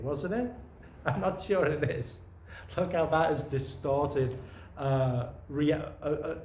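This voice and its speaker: A male Zen teacher gives a loose, conversational dharma talk, wandering through asides and restarting his phrases. His voice sits at an ordinary middle pitch. The room adds a noticeable echo, with a faint hum of ambience behind him. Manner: meandering, conversational, many restarts and soft asides. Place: meditation retreat room.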